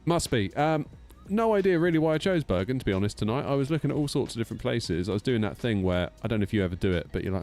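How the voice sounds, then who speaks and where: A man's voice: on the low side, a little fast, darkish tone, soft background music. A man streaming a flight sim, chatting casually, teasing himself and answering chat aloud. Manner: chatty, self-mocking, reads chat aloud.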